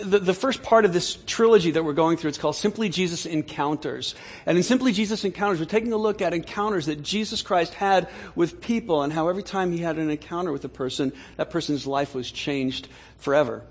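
A man's voice: on the high side, slightly rough. A man preaching a sermon as pastor, speaking conversationally and often repeating words and restarting. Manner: soft slow prayer voice.

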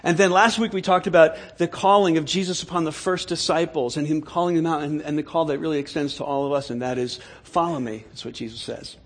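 A man's voice: fairly high pitch, steady tone. A man preaching a sermon as pastor, speaking conversationally and often repeating words and restarting. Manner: soft slow prayer voice.

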